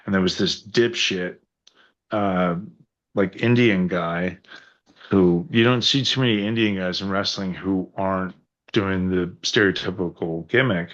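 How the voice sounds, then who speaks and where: A man on a podcast as a guest wrestler, telling rambling, profane stories in a casual, animated way. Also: sits low, a little slow, lo-fi sound. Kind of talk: casual storytelling chat.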